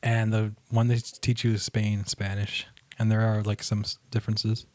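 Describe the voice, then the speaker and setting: A young man co-hosting a podcast in casual chat, talking in a relaxed, halting way with restarts and swearing. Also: fairly low pitch, dry recording. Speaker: podcast co-host.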